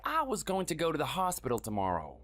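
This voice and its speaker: A man's voice: wildly swooping pitch, quick pace, fairly bright tone, faint music behind. A man playing a timid, sickly husband in his thirties who is meek and apologetic. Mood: pleading. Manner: meek and apologetic, raised pitch. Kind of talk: dramatized story dialogue and first-person narration.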